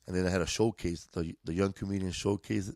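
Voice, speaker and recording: A comedian guest from East Los Angeles tells profane, loose stories with plenty of laughter during a casual chat inside a podcast studio. He speaks fairly quickly in a low, darkish voice with fairly even intonation, and there's no room sound.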